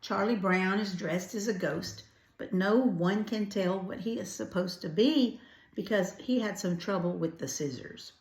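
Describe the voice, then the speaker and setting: An older woman reading a children's storybook aloud, gentle and adding chatty asides. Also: mid-range voice, unhurried. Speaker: grandparent storyteller. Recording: roomy echo.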